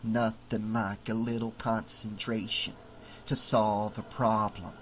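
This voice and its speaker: A man doing a low, scheming killer doll. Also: little pitch movement, a bit bright, slight background noise, low-quality recording. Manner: low, slow, muttering to himself. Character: small sinister male killer doll, scheming.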